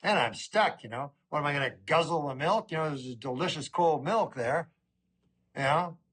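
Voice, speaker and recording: Male stand-up comic, deadpan and halting, fairly high voice that swings widely, stage hall reverb. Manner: dry, deadpan storytelling with halting pauses. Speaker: stand-up comedian. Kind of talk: stand-up comedy set. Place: comedy stage.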